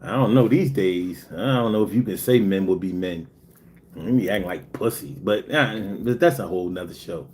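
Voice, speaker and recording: A man hosting a casual livestream, reading chat and telling joking, profane stories. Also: normal speed. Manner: animated, swings high when telling stories.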